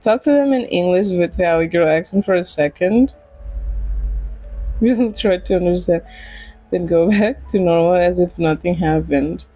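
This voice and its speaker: Giggly woman streamer, low and unhurried. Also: dark tone, no echo, soft background music, low-quality recording. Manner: giggly and rambling, with frequent laughs and restarts. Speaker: game streamer. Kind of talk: casual streaming chat.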